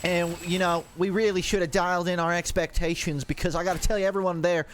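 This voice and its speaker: A man's voice: high voice, little pitch movement, fast, a bit bright, slight background noise. A man voicing a folksy Southern good ol' boy who talks in a slight Southern US drawl while telling a joking tale. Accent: Southern US (put on).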